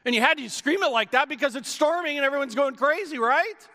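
A man preaching a sermon in a lively way, sometimes raising his voice to a shout for key lines. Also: very high-pitched, fast talker. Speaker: pastor. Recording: long hall reverb.

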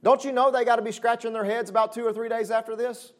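High-voiced preacher. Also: male voice, little pitch movement, fast talker. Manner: swings between loud, high exclamations and soft, low, intimate asides; conversational, with frequent "you know what I'm saying" asides. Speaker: pastor. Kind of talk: sermon.

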